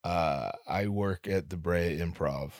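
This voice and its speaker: A man hosting a solo comedy podcast, telling a rambling, profane, self-deprecating story, his voice jumping up in sudden animated bursts. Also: deep voice, slow pace, dry recording, studio quality. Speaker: podcast host.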